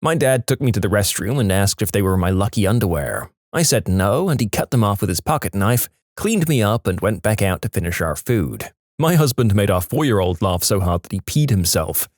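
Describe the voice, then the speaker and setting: A man reading storytime posts aloud in a scripted narration, lively and expressive. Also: fairly low pitch, dry recording, clean studio sound.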